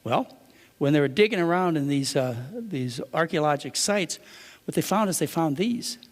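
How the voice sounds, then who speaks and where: Guy lecturing a crowd, kinda high voice, lots of hall echo, throws questions at the room. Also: animated, normal speed. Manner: conversational, poses rhetorical questions to the audience. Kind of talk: lecture to a live audience.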